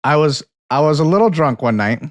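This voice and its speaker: A young man's voice, on the high side, animated and brisk, is captured in clean studio sound with no room noise. As co-host of a relaxed film podcast, he rambles through an anecdote and movie review, laughing often, swearing freely and restarting sentences.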